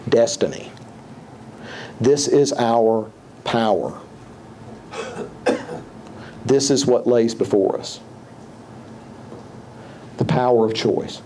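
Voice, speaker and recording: Male pastor, sermon, mellow warm voice, emphatic, repeats phrases, quotes scripture. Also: mid-range voice, a little hiss or hum.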